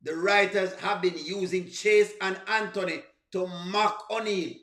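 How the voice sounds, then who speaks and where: Jamaican man, high bright voice, laughing reaction host, roomy echo. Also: fairly even intonation, measured pace. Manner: laughs often, repeats phrases, drops into patois. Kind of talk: casual chat with live viewers.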